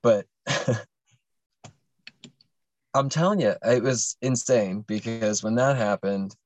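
A man's voice: mid-range voice, takes it slowly, no echo. A young adult man casually telling a long personal story on a podcast, rambling and profane, with many fillers and restarts.

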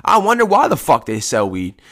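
A man's voice: on the high side, huge pitch swings, fairly quick, a bit bright. A man hosting a casual solo podcast from home, talking in a rambling, profane, laid-back way, a bit congested from post-nasal drip. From United States. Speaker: podcast host.

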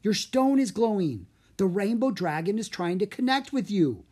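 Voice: medium pitch, animated, normal speed, warm tone, slightly rough, voice pushed up. A reader voicing an eager, friendly young boy dragon master in a storybook audiobook. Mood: excited. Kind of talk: audiobook character reading.

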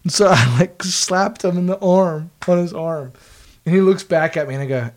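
Dude telling a story, swears a lot, laughs, kinda high voice. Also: male voice, moderate pace. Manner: profane, laughing, animated storyteller. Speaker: guest, former team video staffer. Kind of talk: casual storytelling chat.

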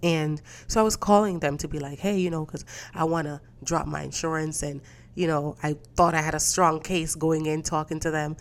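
A woman with a deep voice and steady tone hosts a podcast, delivering a casual solo rant at a moderate pace. She is profane and indignant, telling stories with quoted voices.

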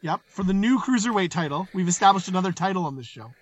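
A man's voice: high-pitched, expressive, fast talker, slightly rough, highs cut off. A young man co-hosting a casual podcast, blunt and profane, often laughing as he talks. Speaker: co-host.

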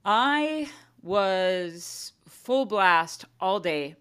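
Animated mom telling stories on a podcast. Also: female voice, mid-range voice, very slow, clear, resonant tone. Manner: animated storytelling, acts out her kids' voices. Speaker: podcast co-host. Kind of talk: casual chat.

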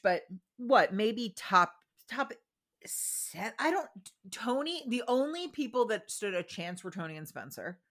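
A woman's voice: mid-range voice, fairly bright tone. A woman co-hosting a casual podcast, talking in a conversational, opinionated way with lots of fillers. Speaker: podcast co-host. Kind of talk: casual chat recapping a reality show.

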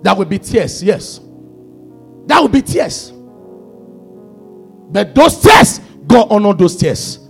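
A man preaching a sermon as pastor, swinging between shouted climaxes and hushed low passages. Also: sing-song, takes it slowly, creaky, pauses often, faint music behind.

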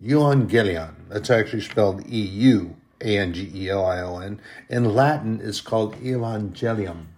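A man preaching a sermon, impassioned and emotional, swelling loud on scripture verses and then dropping to a soft, hushed tone. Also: on the low side, moderate pace, few pauses. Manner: emotional, moved while reading.

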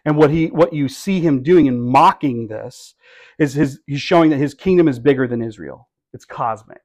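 A middle-aged man preaching a sermon as pastor, conversational and wry, with bursts of animated emphasis. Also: mid-range voice, moderate pace.

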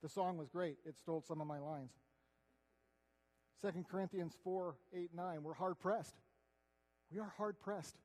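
A man giving an earnest, conversational sermon, swinging between loud declarations and hushed asides. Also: sits high, a little slow, pauses often. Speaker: preacher. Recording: long hall reverb.

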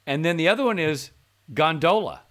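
A man, chatting casually as a podcast co-host. He tells stories with an animated, laughing delivery, his voice sitting at an ordinary middle pitch. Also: a little fast, background noise. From American South. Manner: animated storyteller, laughs while telling. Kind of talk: casual chat.

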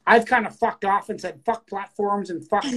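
A young woman from Canada co-hosts a casual podcast. She gives blunt, opinionated takes and swears in nearly every sentence. Her pitch sits in the middle of the range. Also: fairly even intonation, normal speed, fairly bright tone. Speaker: podcast co-host. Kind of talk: casual chat.

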